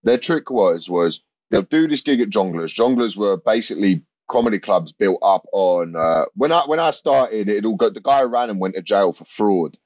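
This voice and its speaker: A man spins backstage comedy stories in a low, dry voice. He rambles, swears and laughs through his own tales. The sound is a bit muffled, as if from a dull podcast mic. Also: lively intonation, moderate pace, few pauses, a little mellow, no room sound. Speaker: comedian guest. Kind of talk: casual anecdote telling.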